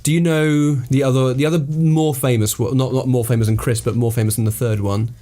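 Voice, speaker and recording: A man chatting casually as a podcast co-host, his voice dark and mellow in tone. He is playful and steers the conversation, with easy swearing. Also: medium pitch, fairly even intonation, brisk. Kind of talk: casual chat.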